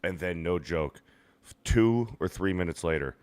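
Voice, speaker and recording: Deep voiced guy cohosting, laid back, swears a lot. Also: lively intonation, moderate pace, a little mellow. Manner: profane, laid-back storytelling. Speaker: sports show co-host. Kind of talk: casual sports chat.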